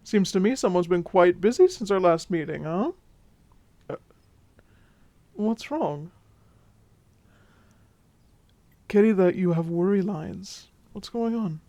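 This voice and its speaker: Smooth flirty vampire guy w/ mexican accent, mellow tone, teasing then hushing softly, a voice actor doing him. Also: medium pitch, measured pace, no echo, close to an everyday voice. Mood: playful. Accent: Mexican Spanish accent, put on by the figure. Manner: teasing, warm, soothing, drops to whispers. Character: charming flirtatious male vampire, protective. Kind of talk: audio role-play drama.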